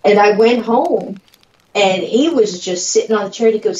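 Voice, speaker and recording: A woman telling a personal story in a casual, halting way, with fillers and pauses. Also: mid-range voice, background noise. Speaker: guest storyteller. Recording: distant, dull audio in a roomy space.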